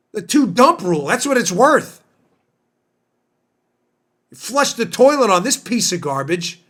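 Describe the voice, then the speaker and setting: A man's voice: extremely high pitch, bright, forceful tone. A man hosting a political podcast, talking in an emphatic, indignant way with lots of rhetorical questions. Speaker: podcast host. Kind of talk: political commentary monologue.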